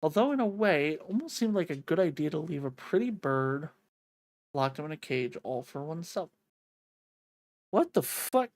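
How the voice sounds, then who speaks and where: A woman reading a visual novel aloud, an expressive reader who breaks off to swear and joke, on a close mic. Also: low voice, a little fast, no echo. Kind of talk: reading a game's narration aloud with live reactions.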